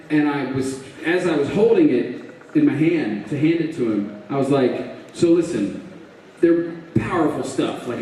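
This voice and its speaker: A man with an ordinary pitch tells a story in stops and starts, correcting himself as he goes. He sounds far from the mic, in a hall with a heavy echo and a faint hiss. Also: warm tone. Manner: halting, with many restarts and hedging asides. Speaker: panel guest, singer. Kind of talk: casual storytelling to a live audience.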